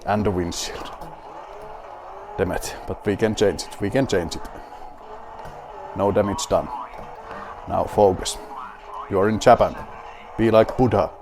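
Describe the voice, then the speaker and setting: Slow, low-voiced Finnish-accented gamer man. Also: steady tone, over music. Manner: wry, mock-grand self-talk. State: drinking beer while playing. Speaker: gaming video host. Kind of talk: playing a rally game with running commentary.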